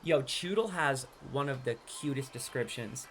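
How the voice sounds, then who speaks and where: A man in his thirties streams himself opening card packs and chats casually to his viewers. He talks with a swaggering, trash-talking hype that drops now and then into quieter, offhand asides. His pitch swoops around a lot. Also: lively intonation, normal speed, hardly any pauses, faint music behind.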